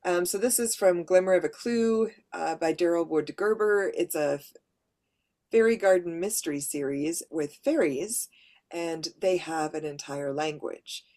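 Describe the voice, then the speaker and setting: A woman's voice: on the low side, unhurried, a little mellow. A woman who narrates audiobooks, giving a practical workshop presentation and explaining her points with examples. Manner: practical, explains with read-out examples, light laughs.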